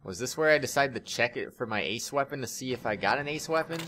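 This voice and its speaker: A man's voice: medium pitch, brisk, music in the background. A young man giving casual post-recorded commentary over his game footage, rambling and self-mocking, laughing often and restarting his sentences. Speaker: gaming channel host.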